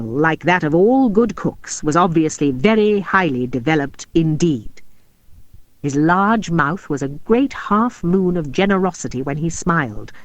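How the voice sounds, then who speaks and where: An older woman narrating a children's classic audiobook in a measured, expressive way. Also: on the low side, no echo. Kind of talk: storybook narration.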